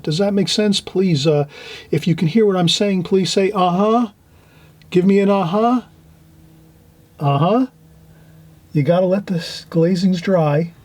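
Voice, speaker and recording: A man teaching a watercolour painting demonstration, talking gently as he paints and trailing off into quiet asides. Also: fairly high pitch, husky.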